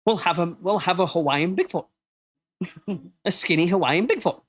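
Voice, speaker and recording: A man from the United Kingdom hosting a casual live podcast, joking and laughing, now and then breaking into silly high-pitched quoted voices. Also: normal speed. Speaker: podcast host.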